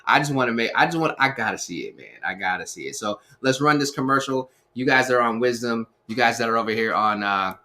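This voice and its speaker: A man hosting a casual live stream, energetic and upbeat, talking with repeated phrases and lots of fillers. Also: mid-range voice, quick pace, hardly any pauses. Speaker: livestream host.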